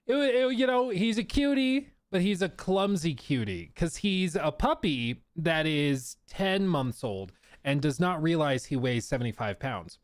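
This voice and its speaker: A man's voice: on the high side, lively intonation, unhurried. A man hosting a casual gaming livestream from his home streaming room, rambling, stumbling over his words and laughing at himself. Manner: rambling and giggly, with stumbles and self-deprecating laughs. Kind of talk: casual live-stream chat.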